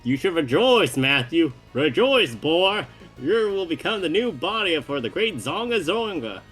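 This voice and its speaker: A man's voice: on the high side, big pitch swings, unhurried, fairly bright tone, soft background music, voice pushed up. A man reading the lines of a grandiose ancient male villain spirit from a game. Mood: gloating. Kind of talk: reading game dialogue aloud.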